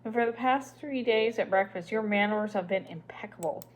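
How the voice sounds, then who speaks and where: A woman's voice: medium pitch, moderate pace, natural voice. A woman reader voicing a haughty, condescending English lady in a storybook. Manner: condescending, mocking.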